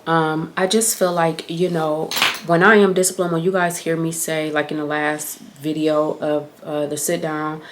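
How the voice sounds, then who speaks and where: A young adult woman with a notably low voice, chatting in a casual vlog. She talks earnestly and reflectively, wandering through her thoughts with plenty of ums and likes. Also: slight background noise. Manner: earnest, reflective, rambling with many fillers. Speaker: vlogger. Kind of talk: casual advice chat.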